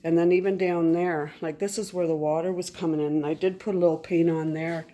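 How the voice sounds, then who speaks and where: A woman's voice: lowish voice, fairly even intonation, fairly quick, warm tone. A middle-aged woman chatting casually in a home vlog, rambling and interrupting herself as she walks around her house and garden. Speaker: vlogger. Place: house and garden, moving between indoors and outdoors.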